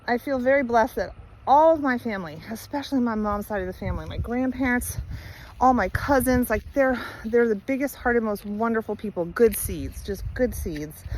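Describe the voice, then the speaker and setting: A woman at a middle pitch tells her own life story in an open, rambling, conversational way. She fills gaps with ums and laughs easily. A faint noise sits behind her on an outdoor phone recording. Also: low-quality recording. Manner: chatty, candid, laughs easily, many fillers. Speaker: vlogger. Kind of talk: casual personal storytelling. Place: outdoors walking her dog.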